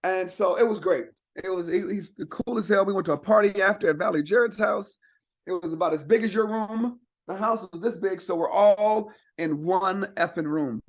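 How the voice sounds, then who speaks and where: High-voiced man telling a lively story. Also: normal speed. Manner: animated, profane, acts out quotes. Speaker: guest, comedian. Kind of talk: casual storytelling.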